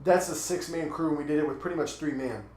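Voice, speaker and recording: Fast-talking Texan man ranting. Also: a little high, fairly even intonation, a little mellow. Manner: profane, ranting storyteller. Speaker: podcast co-host. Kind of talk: casual chat. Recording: echoey room.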